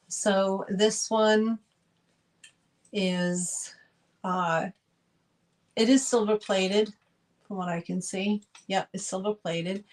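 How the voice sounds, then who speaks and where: Slow-talking woman hosting a live sale. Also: medium pitch, a little hiss or hum, rough recording. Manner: slow, chatty, describing items as she goes. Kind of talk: live online auction selling.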